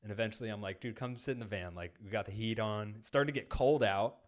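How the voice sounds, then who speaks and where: Guy on a studio podcast mic, lowish voice, rambling story full of "like". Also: quick pace. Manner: rambling, heavy use of "like", acts out quoted lines. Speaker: podcast co-host. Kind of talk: casual storytelling. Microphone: studio microphone.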